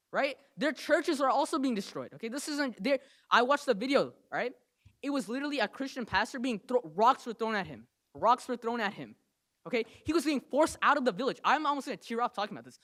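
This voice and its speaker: His voice very high and sharp in tone, a young man from New Jersey passionately addresses a council meeting. He talks fast and emphatically, closing phrases with "okay?" and "right?"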